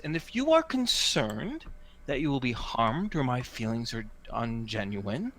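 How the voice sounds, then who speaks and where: A man voicing a slick male hawker who gives a drawn-out, grandiose sales pitch. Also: fairly bright tone, heavily acted. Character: slick male toad-fortune hawker, showman.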